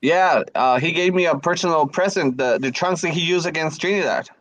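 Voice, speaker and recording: A man's voice: a little high, a little fast, a bit bright, no echo. A man on a casual boxing talk show, speaking earnestly and stammering often. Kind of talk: casual chat.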